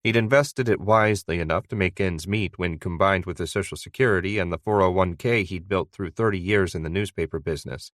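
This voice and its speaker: A man reading an audiobook in first person, with conversational, steady storytelling. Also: deep voice, fairly quick, few pauses, no echo, studio quality. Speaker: audiobook narrator. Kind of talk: first-person scripted narration.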